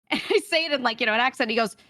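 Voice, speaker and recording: A woman's voice: on the high side, bright, forceful tone, no room sound, clean studio sound. A woman guest on a podcast, telling a long story in casual chat with frequent laughs. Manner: chatty storyteller, quick laughs.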